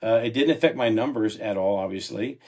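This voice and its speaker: A man's voice: lowish voice, a little fast, a little mellow. A man in his sixties, a guest on a podcast, earnestly telling his life story and often checking in with "right?". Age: 60s. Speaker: entrepreneur guest. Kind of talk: personal storytelling in a podcast interview.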